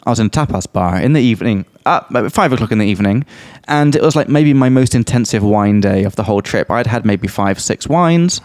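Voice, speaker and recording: A young man hosting a podcast about learning English, telling a story in a casual, animated way and laughing often. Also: on the low side, brisk, hardly any pauses, dry recording. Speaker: podcast host and English teacher.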